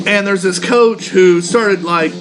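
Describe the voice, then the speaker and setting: A man co-hosting a casual beer podcast, telling stories with loud acted-out shouts and frequent laughter. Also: sits high, takes it slowly. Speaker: podcast co-host. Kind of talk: casual beer-tasting chat.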